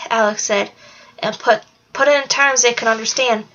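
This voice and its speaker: A woman's voice: fairly high pitch, normal speed. Woman reading a storybook aloud, lo-fi. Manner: steady, plain storytelling read with small slips. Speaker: narrator. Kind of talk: read-aloud book narration. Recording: dull lo-fi recording.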